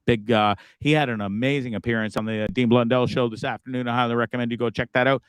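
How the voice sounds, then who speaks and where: A man's voice: mid-range voice, fairly even intonation, fast, clean tone, no room sound. A man hosting a live show, talking casually with a profane, rambling manner. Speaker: host.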